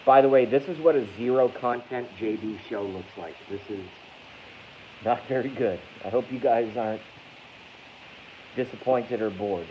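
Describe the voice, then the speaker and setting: In dull, lo-fi audio with a faint hiss, a livestream host rambles on at normal speed in a medium-pitched voice. He jokes crudely, pokes fun at himself, and reads viewers' chat out loud.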